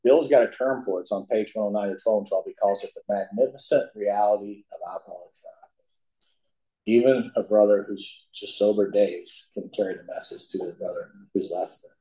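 A man's voice: fairly low pitch, brisk, mellow. A middle-aged man from the Ozark Mountains telling his recovery story to a group, joking and laughing at his own lines. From Ozark Mountains, USA. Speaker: speaker at a recovery meeting. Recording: echoey meeting room.

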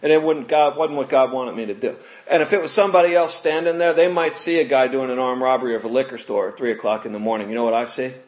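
Male speaker sharing his recovery story, earnest, lively quoting; dull lo-fi sound. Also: mid-range voice, fast talker, few pauses. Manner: earnest storytelling, animated when quoting others, laughs with audience. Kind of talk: personal testimony talk. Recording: muffled lo-fi recording.

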